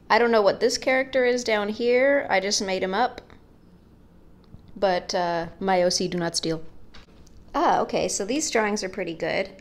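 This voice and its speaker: A young woman casually showing her sketchbook, talking in a rambling, jokey way with plenty of asides and fillers. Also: mid-range voice. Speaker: art vlogger.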